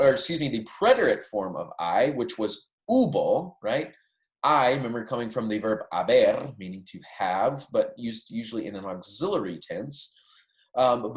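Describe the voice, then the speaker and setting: A man, a Spanish teacher, giving a recorded lecture and walking through verb endings, often checking in with "right?" and "okay?". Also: medium pitch. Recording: echoey room.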